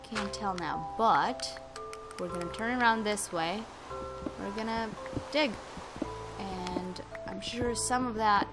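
A woman's voice: medium pitch, slow pace, pauses often, over loud music. A woman giving casual gameplay commentary, chatting to viewers and talking to the game with sudden exclamations, sounding a little under the weather. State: slightly sick. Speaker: gaming YouTuber.

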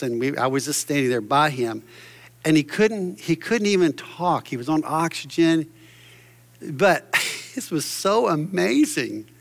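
Fervent male preacher in echoing church. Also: on the high side. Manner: fervent, exclamatory preaching with many restarts. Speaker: pastor. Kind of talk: sermon. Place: church stage.

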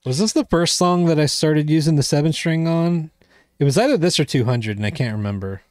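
A man's voice: fairly high pitch, brisk, darkish tone, dry recording, clean studio sound. A man in a band casually explaining parts he played on their album during a livestream. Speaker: band member.

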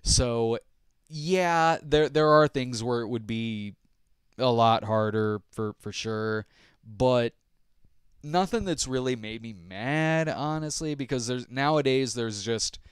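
In a dry recording with clean studio sound, a man's mid-range, clean-toned voice moves slowly. A fifty-something podcast host and movie reviewer, he chats casually while responding to viewer questions. He rambles, makes self-deprecating remarks, and chuckles often.

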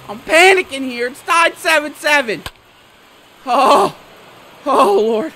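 A young man giving loud, swearing play-by-play reactions to a baseball video game, swinging from groans to shouts. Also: very high voice, lively intonation, slow pace, pauses often, a little hiss or hum. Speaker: gaming YouTuber. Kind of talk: live gameplay reaction commentary.

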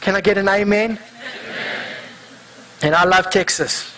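A man preaching a sermon in a church, asking the congregation earnest rhetorical questions and reading scripture slowly and deliberately. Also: sits high, fairly even intonation, pushed and bright, a little hiss or hum, poor audio. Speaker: pastor.

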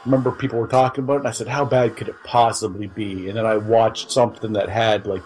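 A man's voice: lowish voice, steady tone, fast talker, darkish tone, low-quality recording. A man co-hosting a podcast in casual chat, rambling through explanations with many restarts. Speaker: podcast co-host.

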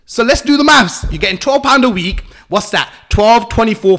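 This young English entrepreneur has a high voice and talks fairly quickly with hardly any pauses, in an English accent. Appearing as a guest on a podcast interview, he lectures listeners bluntly, full of street slang and swearing.

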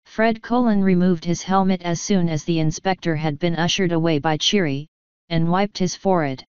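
A woman narrating an audiobook in a measured, even reading. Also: lowish voice, clear, resonant tone, no echo, lo-fi sound. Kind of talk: scripted narration.

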